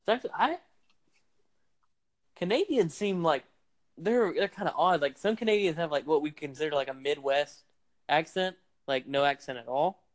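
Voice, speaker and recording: Speaking at a normal pace in a fairly high pitch, a young man hosts a casual podcast. He rambles in a playful way with plenty of fillers, captured on a phone mic.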